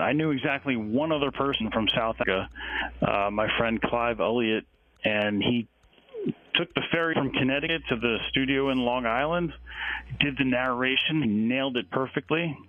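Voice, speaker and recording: A man being interviewed as an author, talking haltingly with many fillers and restarts. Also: medium pitch. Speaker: author and guest. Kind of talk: phone-in interview. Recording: tinny phone line.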